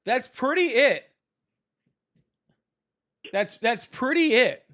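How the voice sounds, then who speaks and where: A man hosting a live call-in talk show, teasing callers with quick, casual jokes. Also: extremely high pitch, animated, fairly bright tone. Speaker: host.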